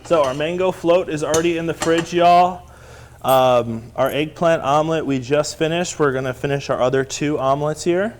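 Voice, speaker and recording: A man's voice: fairly high pitch, normal speed, slight background noise. Chatty man teaching a cooking class. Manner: chatty, upbeat, self-deprecating. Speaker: cooking instructor. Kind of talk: live cooking class demo. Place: kitchen studio. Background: sizzling pan and clattering cookware.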